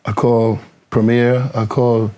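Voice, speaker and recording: Animated male rapper guest, mid-pitched, acting out quotes as he spins stories. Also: normal speed. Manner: animated, acts out quoted dialogue, swears freely. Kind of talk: casual interview storytelling.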